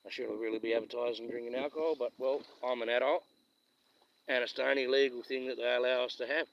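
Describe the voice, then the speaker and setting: A man's voice: mid-range voice, fairly even intonation, fast, vocal fry, lo-fi sound. Chuckling Western Australian man rambling. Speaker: live streamer. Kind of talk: casual live-stream chat. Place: outdoors by the water while fishing.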